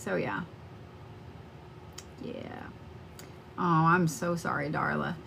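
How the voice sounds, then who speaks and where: Against a noisy background, a middle-aged woman hosts a live stream as a psychic card reader, her lowish voice unhurried. She rambles and chats casually with viewers, with lots of swearing.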